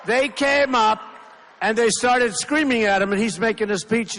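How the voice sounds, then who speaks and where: A man's voice: very high voice, animated, moderate pace, fairly bright tone. A man giving a campaign rally speech, rambling and repetitive, with emphatic asides to the crowd. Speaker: political candidate. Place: large rally venue. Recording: long reverb of a big hall.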